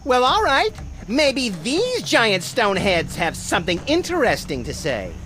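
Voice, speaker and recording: A hyper little game rabbit thing, high pitched, voice bouncing all over, gleeful wisecracks. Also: female voice, huge pitch swings, unhurried, fairly bright tone, exaggerated voice. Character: manic little rabbit-like sidekick, gleefully violent. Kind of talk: video game voice acting.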